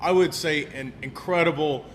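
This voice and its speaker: A man with a slightly high voice keeps a casual livestream going, greeting viewers by name and laughing often. A faint low rumble runs under the sound. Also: normal speed. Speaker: cigar shop co-host.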